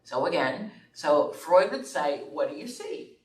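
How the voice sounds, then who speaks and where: A woman's voice: sits low, sing-song, measured pace, darkish tone. A middle-aged woman instructor giving a classroom lecture in a conversational way, often checking in with her listeners. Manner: conversational, checks in with "okay?" and "right?". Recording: echoey room, far from the mic, faint room noise.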